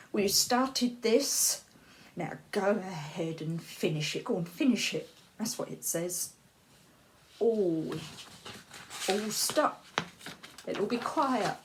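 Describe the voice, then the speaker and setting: Slow, soft-spoken woman, half-whispering. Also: medium pitch. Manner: soft and halting, dropping at times to an unvoiced whisper; repeats words and phrases. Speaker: vlogger sharing personal experience. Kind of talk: slow personal monologue.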